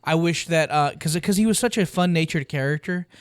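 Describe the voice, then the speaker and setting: A man's voice: fairly high pitch, brisk, clear, resonant tone, no echo, clean studio sound. A man co-hosting a film podcast, talking casually and animatedly, often acting out quotes. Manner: animated, jumps into quoted voices. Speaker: podcast co-host. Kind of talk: casual chat.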